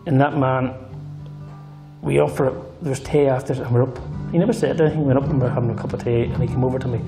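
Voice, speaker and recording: A middle-aged Northern Irish man gives his church testimony in a mellow, relaxed voice at an ordinary pitch. He tells his story earnestly and emphatically, leaning on repeated phrases. He is heard in a roomy hall with a faint guitar playing behind him. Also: fast, creaky. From Northern Ireland. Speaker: guest speaker giving his testimony.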